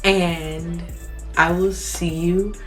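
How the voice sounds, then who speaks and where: A woman's voice: fairly low pitch, level tone, drawn-out words, music in the background. A woman in her twenties telling a personal story to camera, chatty and gushing. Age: 20s. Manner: chatty and gushing, with many fillers like "like" and "you know". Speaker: vlogger.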